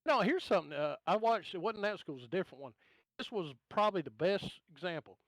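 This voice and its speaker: A man's voice: high voice, lively intonation, fast talker, dry recording. A man with a Southern US drawl, a podcast guest in casual chat, ranting bluntly and joking along. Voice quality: drawling, gravelly-toned.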